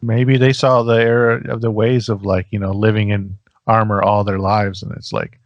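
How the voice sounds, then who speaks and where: A man with a somewhat low voice chats easily as a podcast co-host. He hesitates often and fills gaps with ums, and the sound is dry and close to the mic. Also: flat delivery, normal speed, dry recording, highs cut off. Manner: hesitant, many fillers, easygoing. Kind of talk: casual chat.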